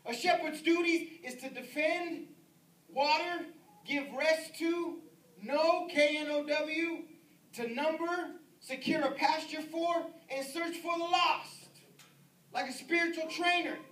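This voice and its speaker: A man's voice: very high-pitched, slow pace, fairly bright tone. A man pastor preaching a sermon with an emphatic, repetitive cadence. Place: church sanctuary. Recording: roomy, distant mic with faint noise.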